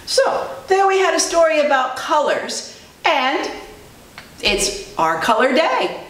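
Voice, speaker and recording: A female preschool teacher telling a story to children in an animated way, asking them questions as she goes. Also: high-pitched, takes it slowly. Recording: roomy distant recording, faint noise.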